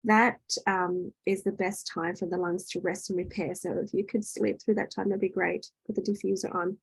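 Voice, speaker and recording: A woman leads an online healing workshop in a loose, chatty teaching manner, full of fillers and self-corrections. Her voice is husky and breathy at an everyday middle pitch. The sound is dry and close. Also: little pitch movement, normal speed, no room sound, rough recording. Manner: chatty, many fillers and restarts. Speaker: workshop host and energy healer.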